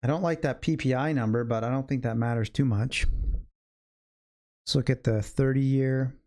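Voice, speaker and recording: A man walks viewers through the markets as he trades live. His pitch sits in the middle, and his sentences are loose and conversational as he reasons out loud. He often turns to address people watching in the chat. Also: steady tone, normal speed. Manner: thinks aloud in loose, chatty sentences; talks directly to chat viewers. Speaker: day trading educator and livestream host. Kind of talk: live trading commentary.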